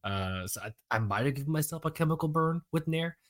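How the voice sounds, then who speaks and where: A man co-hosting a podcast in casual chat, animated and joking, swearing freely and laughing easily. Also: fairly high pitch, brisk. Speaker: podcast co-host.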